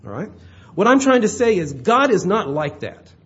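A male preacher talks through his sermon in a loose, conversational way, checking in with his listeners as he goes. His voice is husky and swings widely in pitch, captured on a dull, lo-fi recording. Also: big pitch swings, moderate pace, a bit bright. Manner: conversational, checks in with "all right?". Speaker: pastor.

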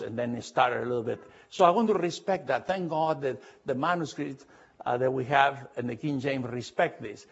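A man leading a Bible study lecture, speaking earnestly with halting restarts and often asking the listeners whether they follow. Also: mid-range voice, creaky, slightly rough, dull audio. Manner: earnest, halting, often checks understanding with questions; spells out Greek letters slowly.

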